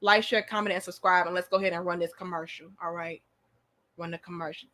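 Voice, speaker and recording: A woman's voice: fairly low pitch, fast talker, pushed and bright. A young woman hosting a casual live-stream chat, playful and teasing, laughing often. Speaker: host.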